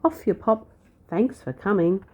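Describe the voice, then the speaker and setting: A woman's voice: medium pitch, a little slow, narrow, tinny audio, pitched above the performer's own voice, lightly acted. A woman voicing a mischievous, bossy young girl shepherd in a read-aloud storybook, snapping and telling sweet little lies. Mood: sweetly fibbing. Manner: sharp, snappy and fibbing sweetly.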